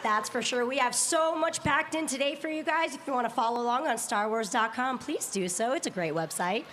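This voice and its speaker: A woman co-hosting a live event broadcast, teasing her co-hosts in an animated way. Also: fairly high pitch, brisk, a little hiss or hum. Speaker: live show co-host.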